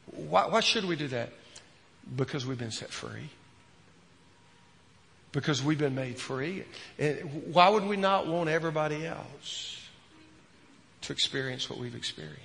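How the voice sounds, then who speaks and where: A man preaching a sermon as a pastor, earnest, repeating words and dropping from loud to hushed. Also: on the high side, lively intonation, measured pace, creaky, long pauses, big-room sound.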